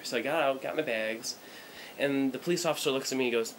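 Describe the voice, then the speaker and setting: Young man, from the US, rambling, filler-heavy, small hotel room, mid-pitched voice. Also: a little fast, a little hiss or hum, rough recording. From United States. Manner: rambling, irreverent, many fillers. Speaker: vlogger. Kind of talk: casual travel vlog.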